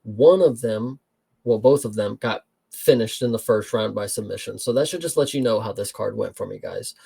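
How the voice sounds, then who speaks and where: A podcast co-host breaks down fights in blunt, casual chat, swearing freely and calling the listener "bro." His voice is lowish, gravelly, warm and husky, at a normal speed.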